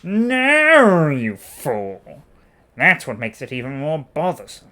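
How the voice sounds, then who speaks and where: A man voicing a haughty, scheming noble senator in a posh, drawn-out voice while reading a game aloud. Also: lowish voice, sharp tone, heavily acted. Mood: scornful. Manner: posh, sneering, drawn-out speech.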